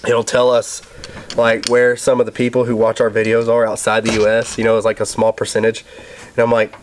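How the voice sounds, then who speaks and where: A man's voice: medium pitch, monotone, brisk, slight background noise. A man hosting a garage vlog, chatting casually and joking with plenty of swearing while he works on a clutch. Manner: profane, joking, rambling. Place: home garage.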